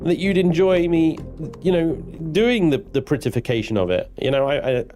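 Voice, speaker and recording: A man's voice: medium pitch, darkish tone. A man streaming a space game live, chatting loosely with his viewers and swearing now and then. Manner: chatty, swearing, banters with chat. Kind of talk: live gameplay commentary.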